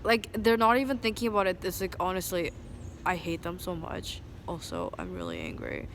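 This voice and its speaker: A woman venting to a phone camera at an outdoor bus station, agitated and rambling, full of "like", swinging from low muttering to loud indignation. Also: animated, moderate pace. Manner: agitated, rambling, heavy use of "like". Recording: street noise and passing vehicles.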